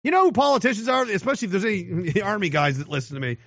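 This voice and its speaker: Host, male, high bright voice, profane combative rant, shouts often, dull dry lo-fi recording. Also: expressive, rapid-fire, dry recording.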